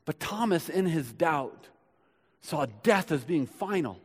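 Man, pastor, sermon, high voice, loud-to-hushed swings, long hall reverb. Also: lively intonation, takes it slowly, breathy edge. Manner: dramatic swings from loud to hushed, rhetorical questions.

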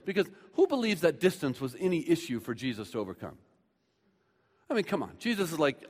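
A man preaching a sermon in a conversational way, moving between loud, emphatic stretches and hushed ones. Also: fairly high pitch, very animated, brisk, in a large hall. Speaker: pastor.

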